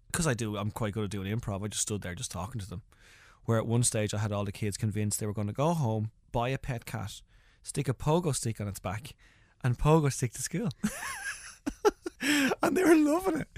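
An Irish man, a comedian being interviewed, telling stories in lively casual chat and acting out voices as he goes. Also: mid-range voice, no room sound, studio quality. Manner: animated storytelling, acts out voices, laughs often. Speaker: comedian guest.

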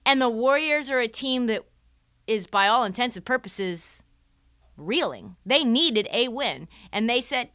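A high, bright woman's voice swinging all over the place as she rants through casual sports commentary. She swears freely and jokes as she goes. The sound is clean, crisp and dry, with no room in it. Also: unhurried, no room sound. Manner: animated, profane, jokey, acts out quotes. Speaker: podcast host.

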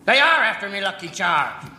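An actor with an Irish accent playing a superstitious ex-assassin who drawls and sounds puzzled, in a comedy clip. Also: male voice, high voice, pushed and bright, heavily acted. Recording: echoey clip with background noise.

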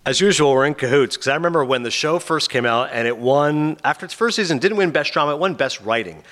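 Male podcast host, rapid and lively, slightly high voice, storyteller energy. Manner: fast, animated storytelling with acted-out quotes. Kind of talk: casual podcast chat.

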